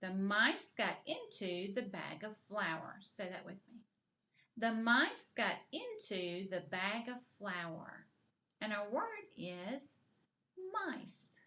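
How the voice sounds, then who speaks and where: A woman teaching a kindergarten literacy lesson on video, speaking slowly and clearly and encouraging the children as she draws out each sound. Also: medium pitch, big pitch swings, bright, forceful tone.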